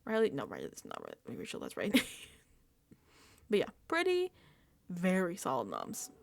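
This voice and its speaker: A woman doing casual recap commentary on her vlog, animated and profane and laughing often. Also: lowish voice, measured pace, vocal fry. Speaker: reality TV recap vlogger.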